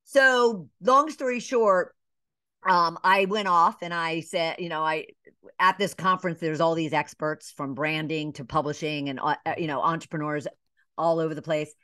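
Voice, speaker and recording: Middle-aged woman from atlanta, coach on a podcast, lowish voice, lots of "you know", acts out little quotes, dry sound. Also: moderate pace, sharp tone, no room sound. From Atlanta, Georgia. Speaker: business coach and podcast guest. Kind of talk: casual interview storytelling.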